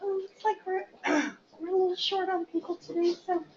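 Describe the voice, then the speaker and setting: A woman in her sixties with a hoarse voice from coughing, leading a small-group class discussion as facilitator and department chair. She talks in a chatty, self-deprecating way and keeps asking the group questions. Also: very high-pitched, fairly even intonation, normal speed, a little mellow, far from the mic. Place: classroom or meeting room. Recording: echoey lo-fi room recording with background noise.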